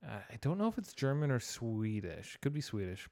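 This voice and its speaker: A man's voice: medium pitch, big pitch swings, brisk, a little mellow. Wry man chatting casually. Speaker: podcast co-host. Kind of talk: casual chat.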